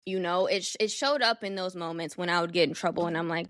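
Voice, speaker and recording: A young adult woman hosting a solo podcast, telling a personal story in a candid, animated, profane way. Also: lowish voice, fast, hardly any pauses, dry recording, clean studio sound. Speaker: podcast host.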